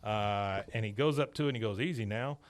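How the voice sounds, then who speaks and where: A man hosting a podcast, recapping a cartoon episode in a casual, animated way and chuckling often. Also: lowish voice, quick pace, smooth. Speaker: podcast host.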